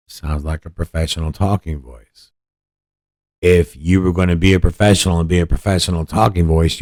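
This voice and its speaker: A man's voice: a bass voice, a little mellow, dry recording, studio quality. A man hosting a podcast, giving blunt, profane political commentary in a ranting manner. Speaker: podcast host.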